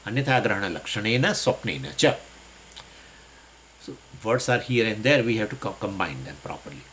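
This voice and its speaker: A man's voice: lowish voice, expressive, brisk, a bit bright, slight background noise, rough recording. A man teaching a lecture on Sanskrit scripture. He explains the terms in English and asks and answers his own questions.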